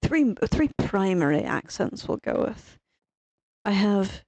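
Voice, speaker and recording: A woman's voice: medium pitch, sing-song, measured pace, a little mellow, no echo, dull audio. A woman from Ireland with an Irish accent, rambling casually while she plays a game and swearing freely. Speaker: streamer. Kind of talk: casual gaming chat.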